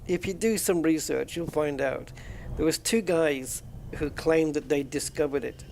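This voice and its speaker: English male streamer, a touch high-pitched with a fry-edged voice, loose and chatty, laughs at his own jokes. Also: unhurried, a little mellow, slight background noise. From England. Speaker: game streamer. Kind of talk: casual chat while gaming.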